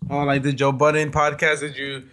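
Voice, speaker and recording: A man's voice: mid-range voice, little pitch movement, a little fast, a bit bright. A man co-hosting a casual podcast, talking loosely with lots of fillers and profanity. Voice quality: loose, rambling speech full of fillers and profanity. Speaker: podcast co-host. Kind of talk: casual chat.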